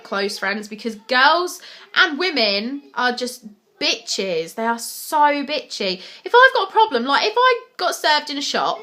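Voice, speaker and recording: A young woman talking straight to camera in a casual vlog, blunt and quick to swear, retelling her day in bursts. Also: fairly high pitch, pushed and bright. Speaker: vlogger.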